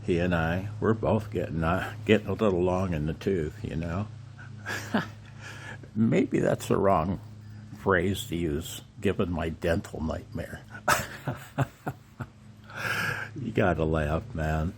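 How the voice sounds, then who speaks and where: An older man in an earnest, halting personal vlog, emotional, with rueful laughs between his words. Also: low voice, slight background noise. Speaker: amateur radio vlogger.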